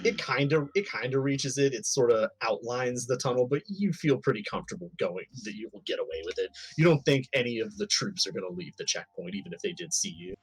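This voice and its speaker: Lively husky game master. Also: male voice, mid-range voice, brisk, few pauses, rough recording. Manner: lively, playful. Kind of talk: narrating a tabletop game.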